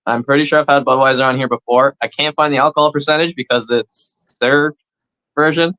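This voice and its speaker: A man's voice: medium pitch, fairly even intonation, a little fast, sharp tone, no echo, low-quality recording. Man, Canadian, blunt, swears a lot, casual podcast chat, dry close sound. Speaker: comedy podcast co-host.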